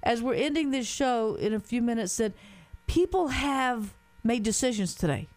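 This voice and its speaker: A woman guest on a Christian talk show who speaks earnestly in quick, running sentences. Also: a little high, lively intonation, a little mellow. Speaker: guest sharing a spiritual message.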